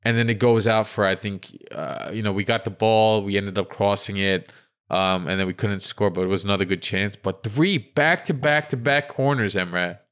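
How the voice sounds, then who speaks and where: A man with a fairly low voice co-hosts a casual football podcast. He retells match moments in an animated, chatty play-by-play way. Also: moderate pace, smooth. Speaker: podcast co-host. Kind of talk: casual sports podcast chat.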